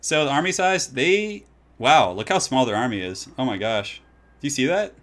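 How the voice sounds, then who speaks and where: A man's voice: medium pitch, very animated, normal speed, a bit bright. A man casually chatting while streaming a strategy game, laid-back and laughing often, trailing off into fillers. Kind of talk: casual gaming stream chat. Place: home, California.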